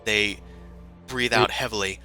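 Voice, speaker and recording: A man serving as game master of a tabletop game narrates haltingly, with plenty of fillers. His lowish voice has a sharp tone and fairly even intonation, with soft music in the background.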